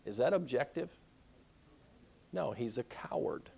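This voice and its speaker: A man's voice: a little high, lively intonation, measured pace, creaky, pauses often, a little mellow, breathy edge. Emphatic male counseling lecturer. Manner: emphatic, repeats key phrases, asks rhetorical questions. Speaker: Christian counseling instructor. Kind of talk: classroom lecture.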